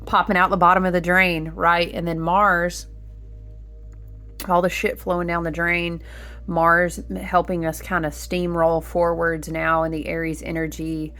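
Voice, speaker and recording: A woman's voice: on the low side, level tone, unhurried, pushed and bright, soft background music. A woman giving a casual spiritual tarot reading to her viewers. She talks in a chatty, rambling way, with lots of fillers and asides to "y'all". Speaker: tarot reader.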